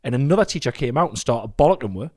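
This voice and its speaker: Man, podcast co-host, swears a lot, lively up-and-down voice, casual storytelling. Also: mid-range voice, quick pace, slightly rough. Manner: swears freely, animated storytelling. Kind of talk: casual chat.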